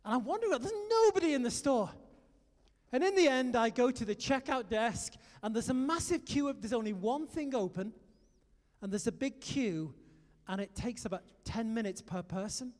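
A British man preaching a sermon, telling stories and urging his listeners on in an animated way. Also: very high voice, moderate pace, big-room sound. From Britain. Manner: animated storytelling, exhorting the audience.

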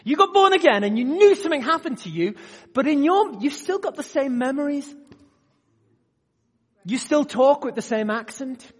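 A male preacher with a high, lively voice that keeps climbing and dropping. He moves from loud emphatic bursts to quiet asides and keeps checking in with the room. His voice rings with the long reverb of a large hall. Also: moderate pace. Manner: asks the audience direct questions. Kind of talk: sermon.

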